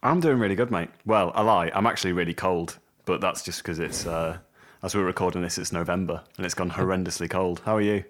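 A man's voice: low-pitched, fairly quick. A man co-hosting a music podcast in casual chat, easygoing and explaining things at length. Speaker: podcast co-host.

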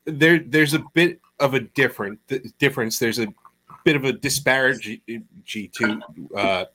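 A man's voice: mid-range voice, moderate pace, bright, forceful tone. A man, a musician, chatting casually and rambling a little through his stories. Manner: rambling, with fillers and restarts. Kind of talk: casual chat.

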